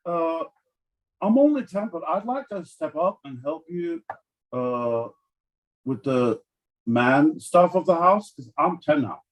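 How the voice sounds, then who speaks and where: A man's voice: a little high, lively intonation, slow, a little hiss or hum, voice pushed up. A man putting on a British accent to voice an eager ten-year-old boy. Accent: put-on British.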